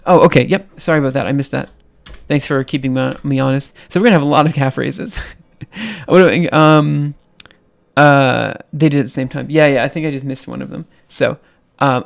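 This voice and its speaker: A man's voice: a little high, vocal fry. Light-voiced man rambling on a live stream. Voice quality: light, somewhat androgynous voice. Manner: rambling, many ums and restarts, laughs easily. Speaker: livestream host. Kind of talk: casual live-stream chat.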